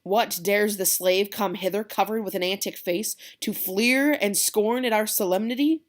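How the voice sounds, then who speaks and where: Angry young hothead spoiling for a fight, read by a female teacher, low voice. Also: lively intonation, normal speed, husky. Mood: menacing.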